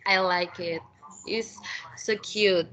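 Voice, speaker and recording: Nervous young woman, slow English. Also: fairly low pitch, fairly even intonation, a bit bright, a little hiss or hum, poor audio. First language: Spanish. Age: 20s. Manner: nervous, halting, laughs often. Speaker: language student. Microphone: video call.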